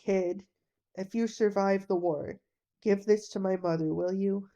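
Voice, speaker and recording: Brief: woman reading a doomed young airman, slow and mellow, tender but bitter. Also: medium pitch, fairly even intonation, lo-fi sound, natural voice. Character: young male pilot, frightened then bitter.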